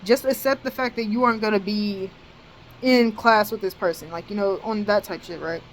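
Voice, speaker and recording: On poor audio with a little hiss or hum, a young college woman with a medium-pitched voice tells a storytime vlog at a moderate pace. Her speech is slangy, profane and animated, packed with fillers like "bro" and "dead ass."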